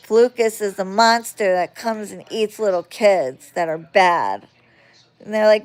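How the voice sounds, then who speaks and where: A woman casually telling a story on a phone vlog, swearing freely and getting animated as she retells it. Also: on the low side, normal speed, creaky. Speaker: vlogger.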